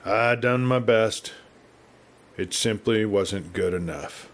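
A man's voice: medium pitch, lively intonation, moderate pace, close to an everyday voice. A man reading the part of a frail, weary old cattleman who pleads in a feeble, rustic western drawl.

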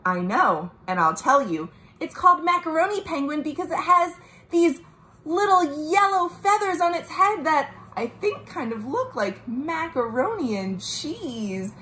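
A woman reads a picture book to small children in a gentle, sing-song way, stopping to ask them questions. She speaks slowly, with a voice a little higher than most. The room around her echoes, with a faint hum of noise behind. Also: big pitch swings. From United States. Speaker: children's librarian. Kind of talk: storytime read-aloud for children. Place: at home.

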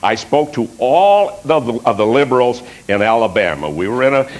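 A man doing live political satire on stage. He speaks wryly, halting and restarting his sentences, with piano music behind him. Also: mid-range voice, animated, low-quality recording. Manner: wry, halting delivery with restarts. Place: stage before a live audience.

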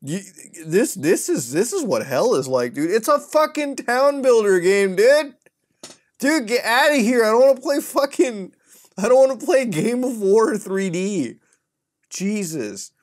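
A male gaming host talking through mobile games in a loose, unscripted way. His pitch swings widely as he jumps between mocking asides and loud outbursts, swearing freely and laughing often. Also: unhurried. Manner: profane, excitable, often laughing. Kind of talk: casual gaming commentary.

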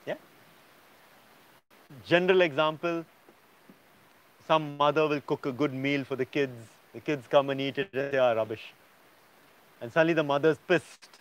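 A man's voice: fairly high pitch, normal speed, long pauses, clear, resonant tone, highs cut off. A man teaching a yoga class, lecturing students emphatically and often checking in with "yeah?".

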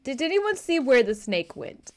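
A woman's voice: high voice, sing-song, moderate pace. A young woman streaming a game, talking in a rambling, flustered way and swearing freely as she plays. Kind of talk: live-streamed game commentary.

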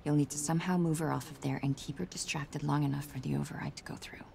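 A gravelly low-voiced crewmate. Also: female voice, fairly even intonation, quick pace, darkish tone, full character voice. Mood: terse. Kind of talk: video game voice acting.

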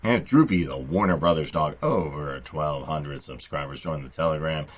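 A man's voice: extremely low pitch, normal speed, slightly rough. A man hosting a crypto channel, delivering upbeat, salesy promotional narration.

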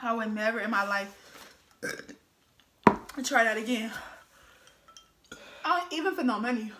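A young woman filming a casual eating-challenge vlog, complaining loudly and laughing about the burning heat. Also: fairly high pitch, animated, unhurried, background noise. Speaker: vlogger.

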